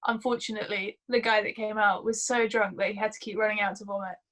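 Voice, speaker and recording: A woman's voice: medium pitch, level tone, fast, fairly bright tone, low-quality recording. A woman in her twenties chatting about a film over a video call, telling stories with asides. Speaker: film reviewer. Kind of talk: casual film review chat. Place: home during lockdown.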